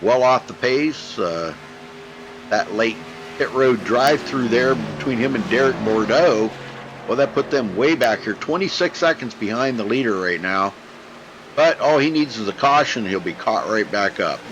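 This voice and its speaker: A man's voice: mid-range voice, lively intonation, moderate pace, noisy background. A man calling a sim race as play-by-play commentator, folksy and chatty. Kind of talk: sim racing broadcast commentary.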